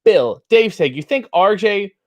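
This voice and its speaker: A man's voice: sits high, expressive, a little slow, lo-fi sound. A man hosting a casual late-night livestream show, chatty, playful and theatrical. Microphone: webcam setup.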